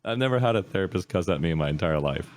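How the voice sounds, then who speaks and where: A man's voice: low-pitched, expressive, racing. A man, a streamer guest on a podcast, telling a personal story in a candid, earnest casual way, trailing off with fillers.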